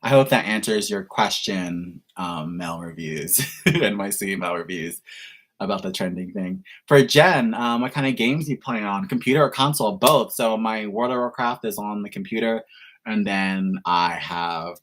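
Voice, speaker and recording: A man's voice: lowish voice, moderate pace, a bit bright. A man hosting a reaction channel, answering viewer questions in a casual livestream chat, gushing and chatty with lots of "like". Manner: effusive, gushing, heavy use of "like".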